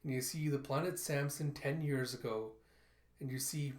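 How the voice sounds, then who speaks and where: A man's voice: mid-range voice, steady tone, normal speed, echoey room. A man casually narrating a comic book read-through, loose and hesitant with fillers. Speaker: comic reviewer.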